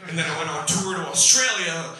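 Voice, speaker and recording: Brash high-voiced Canadian comic. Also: male voice, lively intonation, a little fast, bright, forceful tone. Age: 30s. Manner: brash, teasing, swears freely. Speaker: stand-up comedian. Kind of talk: stand-up crowd work. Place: comedy club stage, live audience. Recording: echoey room, recorded from far, audience noise.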